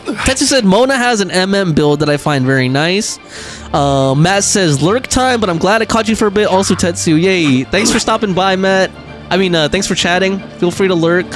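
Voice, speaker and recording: A man with a high, very lively voice chats casually through a gaming livestream, reading viewer messages aloud. He laughs often and scatters his talk with fillers. Faint game music plays behind him. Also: normal speed. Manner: animated, reads chat aloud, frequent laughs and fillers. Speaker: streamer.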